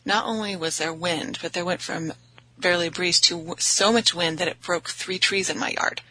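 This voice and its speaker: A woman's voice: lowish voice, steady tone, moderate pace, bright, forceful tone, slight background noise, low-quality recording. A woman hosting an interview, chatting casually and affirming her guest's stories. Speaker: host.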